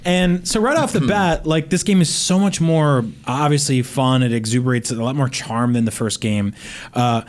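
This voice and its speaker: A man co-hosting a casual podcast, excitably telling a story about a game. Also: medium pitch, normal speed. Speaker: podcast co-host.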